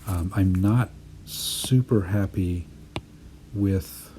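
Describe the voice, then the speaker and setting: A man with a very low, mellow voice talks through a poetry lesson in a voice-over. He explains his work in a thoughtful, measured way, like a writing teacher walking a class through drafts. A faint hiss of noise sits under his voice.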